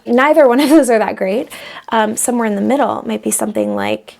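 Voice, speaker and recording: Reflective woman with a gravelly edge. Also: fairly high pitch, big pitch swings, fairly quick, a little mellow. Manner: reflective, acts out little example voices. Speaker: vlogger sharing personal growth advice. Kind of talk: casual talk to camera.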